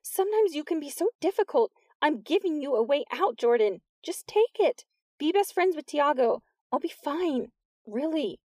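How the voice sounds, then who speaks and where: A woman's voice: a little high, lively intonation, a little mellow, no room sound, studio quality, pitched above the performer's own voice. A woman narrator voicing an anxious, emotional teenage girl who talks in heated, pleading bursts. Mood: exasperated. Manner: heated, pleading, quick to self-pity.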